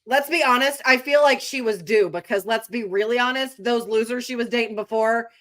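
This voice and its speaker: Young adult woman, slightly high voice, chatty and emphatic with lots of fillers. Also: brisk, fairly bright tone. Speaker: podcast co-host. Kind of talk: casual chat.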